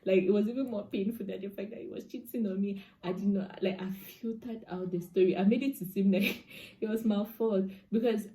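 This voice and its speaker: A young woman with a Cameroonian accent, from Cameroon, telling a story time to her viewers. She talks in a chatty, expressive way, slipping into pidgin turns of phrase. Her voice is mellow and warm. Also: mid-range voice, a little fast. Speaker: vlogger.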